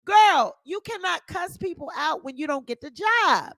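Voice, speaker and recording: A woman's voice: extremely high pitch, expressive, unhurried, hardly any pauses, fairly bright tone, no room sound. A woman hosting a casual livestream commentary, talking sassy and profane straight to her audience. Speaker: commentary show host.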